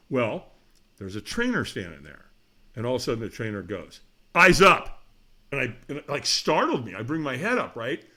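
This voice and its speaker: A middle-aged man, a podcast guest, telling a story in a lively way, acting out the voices of the people in it and laughing often. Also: mid-range voice. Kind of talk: animated storytelling.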